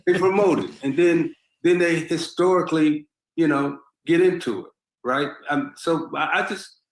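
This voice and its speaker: A man's voice: on the high side, fairly even intonation, unhurried. Emphatic man in echoey podcast clip. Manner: emphatic, insistent on honesty. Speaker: podcast guest, former basketball player. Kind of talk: casual podcast talk.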